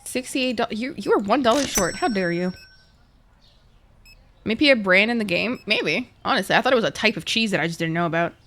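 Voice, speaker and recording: A woman's voice: medium pitch, lively intonation, brisk, fairly bright tone, slight background noise. A woman streamer chatting casually and swearing a lot while playing a game and talking to her chat. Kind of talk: casual gaming livestream chat.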